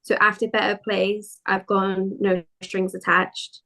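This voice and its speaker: A British woman in relaxed podcast chat, talking through her ideas at length. Her voice sits at a middle pitch. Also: unhurried, gravelly. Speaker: podcast guest. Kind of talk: casual chat.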